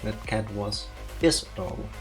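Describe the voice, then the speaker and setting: A woman's voice: very deep voice, animated, brisk, music in the background. A woman with a Danish accent co-hosting a let's play, chatting casually in a playful, teasing way with theatrical asides. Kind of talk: casual chat over gameplay.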